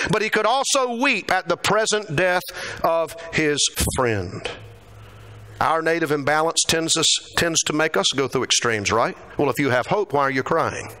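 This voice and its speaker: Guy preaching, bright voice, swoops up and down a lot when he gets into it. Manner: animated, acts out quotes with rising pitch. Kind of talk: sermon. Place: church.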